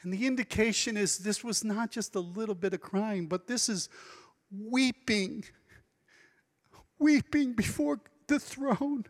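A man preaching a sermon as pastor, dramatic and expressive, now and then acting out the voices of people he quotes. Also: high voice, unhurried, long reverb tail. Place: church sanctuary.

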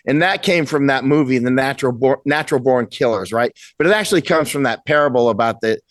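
A man's voice: mid-range voice, quick pace, no room sound. A man in his sixties, a guest in a casual interview, talking bluntly and emphatically at home. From United States. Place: at home with a cat.

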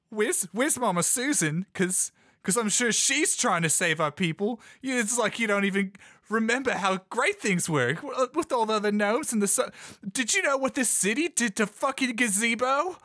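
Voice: mid-range voice, lively intonation, moderate pace, sharp tone, dry recording, clean studio sound, pitched above the performer's own voice. A player voicing a young gnome son on the verge of tears, heated and swearing at his mother. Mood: angry, tearful. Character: tearful, angry young male gnome son.

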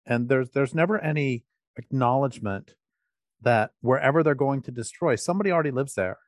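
A man with a mid-pitched voice speaks emphatically and with passion. The recording is dry and close, with no room sound around his voice. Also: brisk, no echo. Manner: impassioned, emphatic. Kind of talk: casual conversation.

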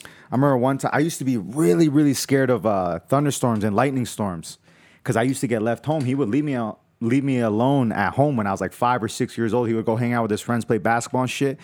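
A man from New York telling stories in a casual chat among friends, animated and full of swearing and fillers. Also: medium pitch, fast talker. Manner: animated, profane storytelling with lots of fillers. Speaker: storyteller in a group chat.

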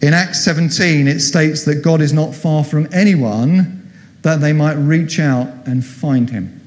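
A man's voice: a little high, a little slow. A middle-aged man preaches in a church hall, his slightly raised voice ringing with long reverb. He tells the story with animation and slips into the voices he quotes. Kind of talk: sermon.

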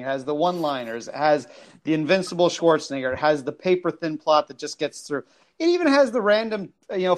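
A man on his first podcast guest appearance, giving wry, opinionated takes on a film. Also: fairly high pitch. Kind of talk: casual movie review chat.

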